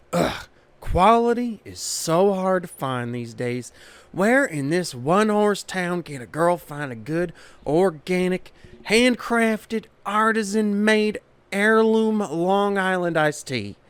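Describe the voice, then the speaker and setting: A man's voice: high-pitched, lively intonation, slow, a bit bright, clean tone, no echo, pitched above the performer's own voice, full character voice. A man voicing a fussy, demanding woman diva with a whiny, sniffy manner. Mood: disgusted.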